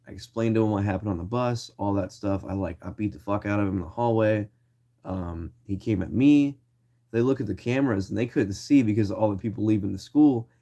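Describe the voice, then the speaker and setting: A man's voice: lowish voice, dark tone. A young man telling a story in a casual, slangy way, full of swearing and acted-out quoted lines.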